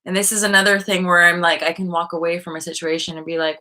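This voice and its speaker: A woman's voice: fairly low pitch, little pitch movement, fast, hardly any pauses, bright, forceful tone. A woman hosting a live online show, talking frankly and casually, thinking aloud with many fillers and the odd swear word. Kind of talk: casual live-stream talk on spiritual healing.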